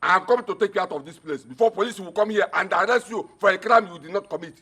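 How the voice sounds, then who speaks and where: A scheming Nigerian man, scornful and commanding. His voice is husky and pitched fairly high for a man. He speaks with cold mockery. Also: quick pace, sharp tone. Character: scheming older male relative, mocking. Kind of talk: Nollywood film acting.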